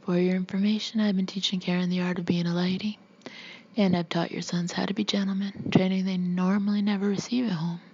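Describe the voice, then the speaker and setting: A woman voicing a sharp-tongued Southern wife and mother in a whispered audiobook reading, on a dull, muffled recording. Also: on the low side, flat delivery, a little fast, a little hiss or hum, natural voice. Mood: tart. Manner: whispered, tart.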